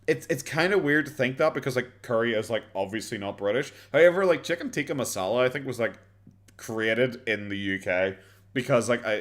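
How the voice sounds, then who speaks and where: A young Irish man commenting on videos during a live stream, sarcastic and rambling, swearing often and filling gaps with "like". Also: on the low side. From Ireland. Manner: sarcastic, swears freely, rambling with many fillers.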